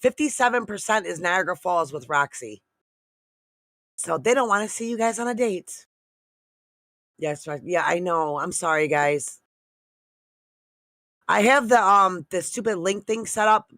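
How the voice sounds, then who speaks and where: A woman's voice: fairly low pitch, expressive, measured pace, pauses often, fairly bright tone, no room sound, clean studio sound. A woman hosting a casual livestream chat with viewers, frustrated and swearing, trailing off mid-thought as she talks to the chat. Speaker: livestream host.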